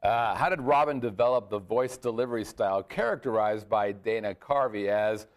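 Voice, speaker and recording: A man hosting an interview, reading out listener questions in a casual, lively way. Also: lowish voice, moderate pace.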